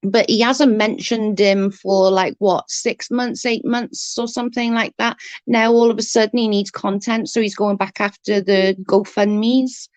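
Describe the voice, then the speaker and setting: A woman hosting a casual live stream, chatting with viewers and reading their messages, blunt and quick to swear when annoyed. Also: medium pitch, little pitch movement, no room sound. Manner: chatty, reads and answers chat messages. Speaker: livestream host.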